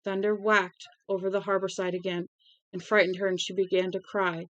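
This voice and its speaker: A woman's voice: medium pitch, level tone, fairly quick, fairly bright tone, no room sound, low-quality recording. A woman reading a novel aloud on a stream, voicing the dialogue with feeling and correcting her small slips as she goes. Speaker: audiobook reader.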